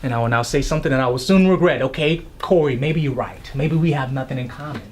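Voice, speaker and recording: A woman's voice: rumbling low, fast, slight background noise. A young woman acting a proper, dignified young husband who is a lawyer, with dry, sarcastic patience. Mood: weary. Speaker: acting student. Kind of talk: scene study stage acting.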